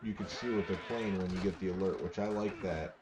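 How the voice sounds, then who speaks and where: A man's voice: deep voice, steady tone, a little fast, crowd noise. A man live-streaming a football video game, chatting casually with viewers and rambling through repeated words.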